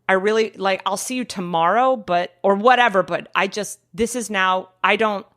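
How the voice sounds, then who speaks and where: Woman, 40s, podcast guest, animated chatty storyteller who drifts off mid-sentence. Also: mid-range voice, normal speed. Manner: animated storyteller, lively and laughing, trails off mid-thought. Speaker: guest actor. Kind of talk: casual podcast conversation.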